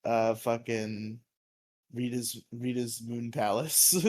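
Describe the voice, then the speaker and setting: A man's voice: mid-range voice, fairly even intonation, takes it slowly, a little mellow. A man co-hosting a podcast, recapping a TV episode in casual, rambling talk with lots of fillers and laughs. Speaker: podcast co-host.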